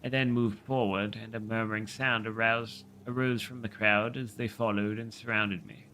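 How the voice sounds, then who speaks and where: A man with a lowish voice reads a classic novel aloud on a stream. His delivery is steady and measured. Faint background noise sits under the voice. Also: low-quality recording. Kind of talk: reading aloud on a livestream.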